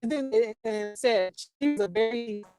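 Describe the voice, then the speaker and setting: A woman telling a personal story over a video call, earnest and halting, restarting her sentences. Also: a little high, over music. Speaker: caller sharing a story.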